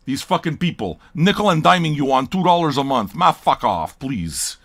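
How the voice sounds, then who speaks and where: A man's voice: a little high, sing-song, normal speed, few pauses, fairly bright tone, no room sound, studio quality. An older man hosting a record-listening show, talking in a blunt, profane, rambling livestream rant.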